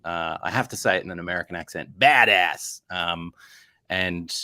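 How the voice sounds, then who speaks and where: An Australian man, a comic writer and guest, chatting casually on a live stream in a halting, self-deprecating way. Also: deep voice, completely flat delivery, bright, forceful tone, dry recording.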